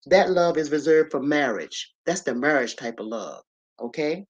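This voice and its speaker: A woman's voice: sits low, expressive, normal speed, darkish tone, husky. A woman hosting a casual livestream, telling a story and preaching to her viewers, with in her speech. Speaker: livestream host. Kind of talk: casual live-stream monologue.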